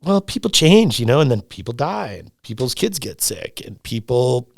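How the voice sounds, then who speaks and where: A middle-aged man in casual podcast conversation, talking in an animated, rambling way, swearing freely and repeating himself. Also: mid-range voice, moderate pace, creaky, no echo, clean studio sound. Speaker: lodge owner, podcast guest.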